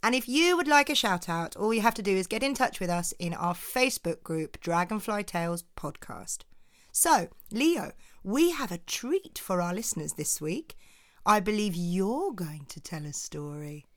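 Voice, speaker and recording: Woman, children's podcast co-host, animated up-and-down voice, encouraging and praising. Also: mid-range voice, normal speed.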